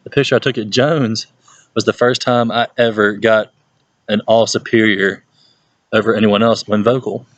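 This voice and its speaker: A young man, a youth pastor telling stories in a casual, animated way and often laughing. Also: lowish voice, moderate pace, dry recording, lo-fi sound. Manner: animated storytelling, laughs often, puts on voices for people he quotes. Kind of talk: casual talk to a youth group.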